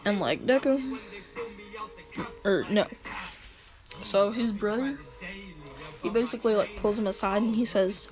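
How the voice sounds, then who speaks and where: Slow, rambling woman retelling a story. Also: mid-range voice. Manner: rambling, giggly. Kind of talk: casual fan-fiction retelling. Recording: home recording with music underneath.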